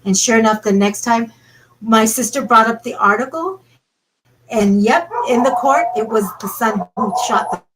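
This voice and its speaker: A woman's voice: a little high, normal speed, very noisy. A woman from Minnesota telling a ghost story as a guest, rambling and full of "like" and "you know". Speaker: paranormal investigator guest. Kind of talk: casual storytelling.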